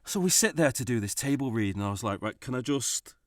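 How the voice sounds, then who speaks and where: A man, co-hosting a podcast and telling a story in a casual, animated way, swearing and laughing often. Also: medium pitch, fast talker, no echo, studio quality. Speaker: podcast co-host.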